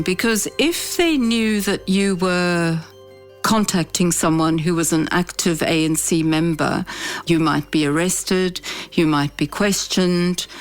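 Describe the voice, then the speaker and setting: A middle-aged woman, speaking in a thoughtful, measured and candid way as an interviewee. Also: lowish voice. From South Africa. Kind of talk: reflective interview testimony.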